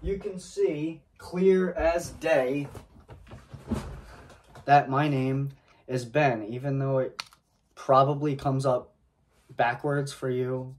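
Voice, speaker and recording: A man speaks to camera in an unhurried, drawn-out way, as if recounting something that happened to him. His delivery halts and restarts, with pauses and throat clearing between phrases. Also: medium pitch, slight background noise. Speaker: vlogger. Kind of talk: casual storytelling to camera.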